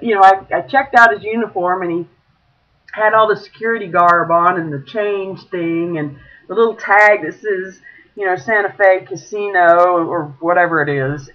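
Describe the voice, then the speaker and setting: A woman casually telling a story in a chatty vlog, laughing often as she talks. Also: medium pitch. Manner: chatty, giggly, many laughs. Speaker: vlogger. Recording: dull lo-fi recording.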